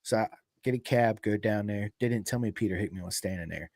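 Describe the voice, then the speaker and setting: A man with a Southern American country accent hosting a podcast, telling stories in an animated, casual way. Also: fairly low pitch, fast, dry recording, clean studio sound. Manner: animated storyteller, says dude and bro a lot. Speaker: podcast host. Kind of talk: casual chat.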